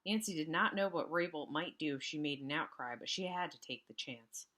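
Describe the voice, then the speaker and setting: A woman teacher reading a storybook aloud to students, expressive with casual asides. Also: low-pitched, a little fast.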